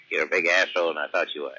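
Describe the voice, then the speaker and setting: A man's voice: sits low, pushed and bright, breathy edge, exaggerated voice. A man doing a rambling Texan billionaire. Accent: Texas. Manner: rambling, halting, full of ums. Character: pompous Texan billionaire politician phoning for money. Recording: dull lo-fi answering machine tape.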